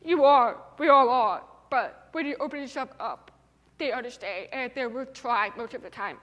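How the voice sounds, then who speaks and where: A young adult woman with a deaf speaker's accent gives an earnest, emphatic inspirational TEDx talk on stage in a large, reverberant hall. Her voice is a little high and fairly bright, at a normal speed.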